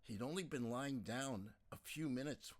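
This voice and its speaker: A man narrating a novel as an audiobook, in a calm, measured storytelling manner. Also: medium pitch.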